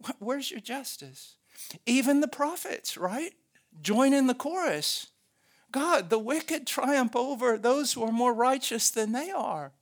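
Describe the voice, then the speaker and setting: Man doing a scornful devil voice, higher and louder than his own, full of jeering questions. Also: sing-song, a little slow, full character voice. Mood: mocking. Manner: mocking, scornful, rhetorical questions. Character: sneering male devil accusing God.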